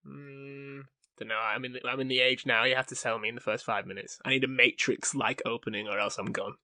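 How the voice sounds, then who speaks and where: A man at an ordinary middle pitch, delivering blunt verdicts with a dry wit. He talks casually on a podcast, and the sound is close with no room sound. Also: steady tone, brisk, pushed and bright, no echo. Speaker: podcast co-host. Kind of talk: casual chat.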